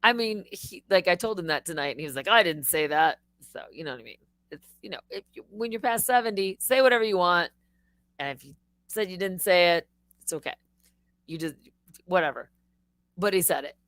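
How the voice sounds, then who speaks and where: A woman streamer telling a story in a loose, animated way, cursing freely and jumping up high when she quotes herself. Her pitch swings widely. The sound is dry and close, with no room around it. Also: brisk, pauses often, no echo. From Michigan. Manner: animated, swearing, quoting herself in high excited bursts. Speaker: livestream host, former wildlife TV host. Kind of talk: casual livestream storytelling.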